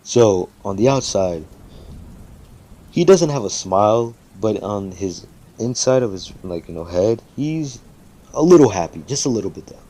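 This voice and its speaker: A man's voice: lowish voice, expressive, normal speed, warm tone. A man casually making up and telling a fan story, rambling with lots of fillers and swearing freely.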